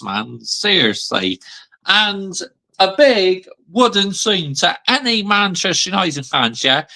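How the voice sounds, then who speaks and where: A man's voice: on the high side, sharp tone. A man in his thirties ranting on a fan vlog, heated and sweary, still seething after a defeat. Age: 30s. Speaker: football fan vlogger.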